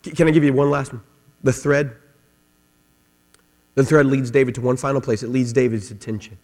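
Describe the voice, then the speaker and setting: Impassioned preacher in a reverberant hall. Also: male voice, mid-range voice, fairly even intonation, fairly quick. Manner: impassioned, repeats words, swings from loud to hushed. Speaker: pastor. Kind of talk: sermon. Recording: long hall reverb, mains hum.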